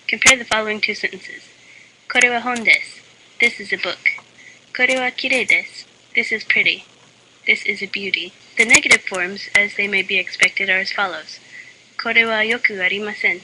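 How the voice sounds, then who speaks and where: Deadpan woman reading a mock lesson. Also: medium pitch. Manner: deadpan, flat-voiced delivery. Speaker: lesson narrator. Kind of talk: mock language lesson reading with joke asides. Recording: loud constant background hiss.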